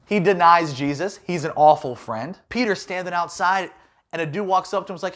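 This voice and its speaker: A man's voice: sits high, brisk, a bit bright. A man giving a playful, jokey youth talk as a youth pastor.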